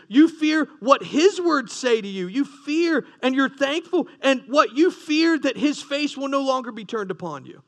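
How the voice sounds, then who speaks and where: A man's voice: extremely high pitch, fairly bright tone. A man preaching a sermon, earnest, with rising emphasis and frequent restarts. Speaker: pastor.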